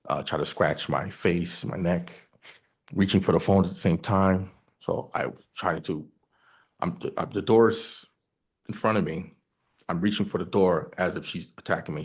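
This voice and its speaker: A man testifying at a hearing, recounting events in a halting, hesitant way that often breaks off and restarts. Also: deep voice, gravelly, breathy edge.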